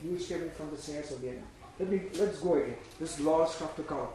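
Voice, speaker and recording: A man preaching a sermon in an emphatic, repetitive way, swinging between loud bursts and hushed lines, and leading the congregation in repeating phrases. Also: fairly high pitch, fast talker, a little hiss or hum. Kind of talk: sermon with call-and-response. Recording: very echoey room.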